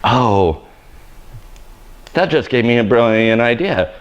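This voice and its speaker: A man's voice: mid-range voice, expressive, takes it slowly, muffled recording. A man hosting a live haircutting tutorial, joking and rambling in a self-deprecating way while he cuts. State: sweaty. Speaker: hairstylist host. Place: hair salon education studio.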